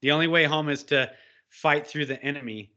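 Passionate male preacher-type talker with a forceful, bright delivery on a muffled recording. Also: on the high side, a little fast. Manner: impassioned, exhorting, rising to shouts when quoting. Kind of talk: fervent preaching conversation. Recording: dull lo-fi audio.

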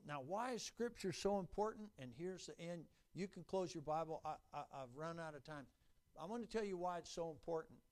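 A man preaching a sermon, emphatic and repetitive, building to loud peaks. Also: a little high.

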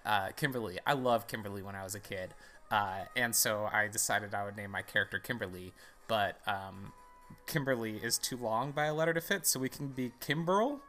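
A man's voice: mid-range voice, a bit bright. Rambling, easygoing man narrating a game. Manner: rambling and self-interrupting, with playful asides. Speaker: podcast host playing a game. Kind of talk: casual let's-play commentary.

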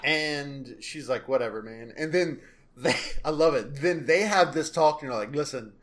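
A man's voice: a little high, unhurried, a bit bright. A man co-hosting a casual podcast about a TV episode, laughing often and acting out lines of dialogue. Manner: laughs often, acts out quotes. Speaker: podcast co-host.

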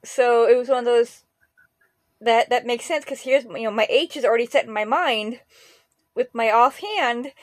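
A woman's voice: fairly high pitch, moderate pace, dry recording. A woman co-hosting a podcast, chatting casually, laughing easily and repeating words. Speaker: podcast co-host. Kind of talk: casual chat.

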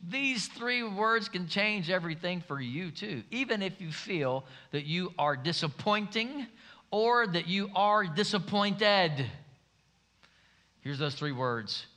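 Pastor, male, high and forceful voice, emphatic preaching, on a stage mic. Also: expressive, slow. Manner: emphatic preaching, voice rising and falling for stress. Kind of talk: sermon.

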